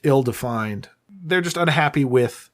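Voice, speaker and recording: Brief: man, podcast co-host, dry deadpan humor, average pitch. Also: measured pace. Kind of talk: casual chat.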